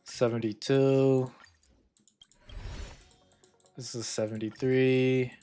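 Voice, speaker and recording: A man's voice: mid-range voice, flat delivery, extremely slow, mellow, faint music behind. A man in casual gaming commentary, muttering counts and ranting in bursts of swearing. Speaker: gacha game content creator.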